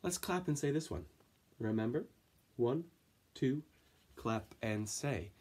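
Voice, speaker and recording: A man's voice: mid-range voice, expressive, slow pace, pauses often, darkish tone, husky. A man teaching an elementary music class, counting in and chanting rhythm syllables for the children to clap along.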